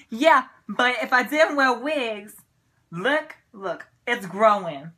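A woman's voice: on the high side, big pitch swings, slow, sharp tone. A young woman ranting in a casual vlog to her camera, sassy and exasperated, with a mocking edge. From Puerto Rico. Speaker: vlogger.

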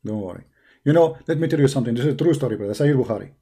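Sarcastic mellow-voiced man taunting. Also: medium pitch, expressive, rapid-fire, breathy edge. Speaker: online debater. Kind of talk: mocking stream monologue.

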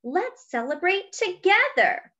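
A woman's voice: very high-pitched, sing-song, takes it slowly, bright, forceful tone, voice pushed up, exaggerated voice. A woman voicing a fussy, kindly male hippo in a storybook read-aloud, earnest and a little huffy. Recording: dull lo-fi recording.

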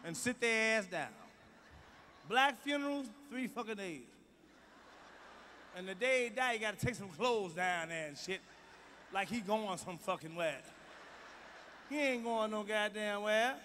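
A male stand-up comedian doing a loud, profane, mocking routine on stage. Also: sits high, expressive, a little slow, long pauses, slight background noise. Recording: live stage recording with hall reverb and faint ambience.

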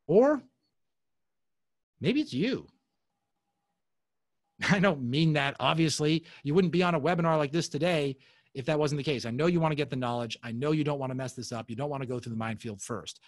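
A man's voice: fairly high pitch, no echo. A man presenting a webinar on a video call, enthusiastic and motivational, often calling the audience folks. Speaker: webinar speaker.

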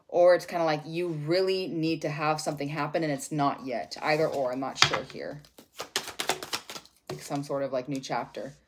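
A woman giving a casual tarot reading, rambling and expressive and swearing freely. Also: deep voice, noisy background. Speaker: tarot reader.

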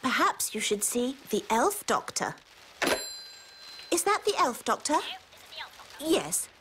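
A woman's voice: fairly high pitch, sing-song, slow pace, noisy background. A patient, sensible fairy queen. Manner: soothing, sensible. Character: patient fairy queen, gently teasing wife.

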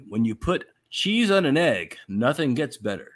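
A man joking crudely as a guest on a casual stream chat, deadpan and teasing. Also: mid-range voice, normal speed, hardly any pauses.

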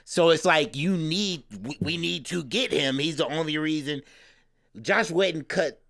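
A man's voice: fairly high pitch, measured pace, gravelly, a bit bright, dry recording, clean studio sound. Man rambling on, explaining at length. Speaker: podcast co-host. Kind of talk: casual chat.

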